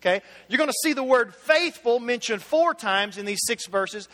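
A man's voice: very high voice, expressive, moderate pace, pushed and bright. A middle-aged man preaching a conversational sermon, chatty and anecdotal, talking straight to his congregation. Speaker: pastor. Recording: hall reverb.

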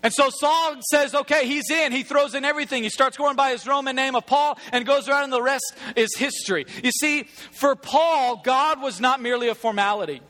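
Very high, bright-voiced male preacher. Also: a little fast, hardly any pauses. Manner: casual, humorous, conversational preaching; emphatic, repeated phrasing. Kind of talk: sermon.

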